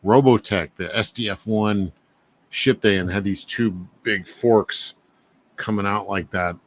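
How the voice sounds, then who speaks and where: A man's voice: lowish voice, a little slow. A man co-hosting a casual comic book chat, laid-back and fond of saying "man". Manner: laid-back, says "man" a lot, laughs often. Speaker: podcast co-host.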